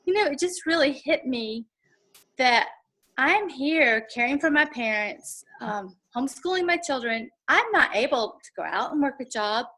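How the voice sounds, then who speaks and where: A woman joins a video call to share her story with the team in an earnest, heartfelt way. Her voice is high and bright, with a lively forward edge. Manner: earnest, sharing personal story. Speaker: team member. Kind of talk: casual chat on video call.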